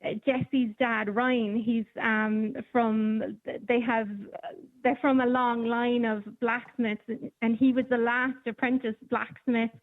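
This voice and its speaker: A woman's voice: fairly high pitch, little pitch movement, slow pace. Woman chatting down a phone line. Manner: chatty storyteller with many ums. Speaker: newspaper reporter. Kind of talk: casual radio chat.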